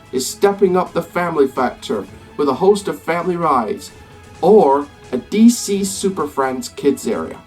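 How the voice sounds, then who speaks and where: Man doing a stately American ride-announcement voice, promotional, slightly raised pitch, faint background music. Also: husky. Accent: put-on American. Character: slow grand male theme-park announcer. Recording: slightly distant mic, faint music behind.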